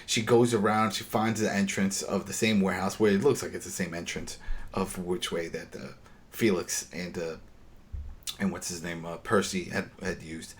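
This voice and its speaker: A man co-hosting a podcast, retelling a TV episode in a casual, animated and exasperated way, often restarting his sentences. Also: low-pitched, moderate pace. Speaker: podcast co-host.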